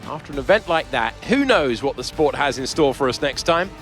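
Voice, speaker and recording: A man's voice: medium pitch, lively intonation, fairly quick, a bit bright, faint music behind. A man voicing a polished motorsport TV presenter in a racing game, delivering scripted broadcast lines. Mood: upbeat.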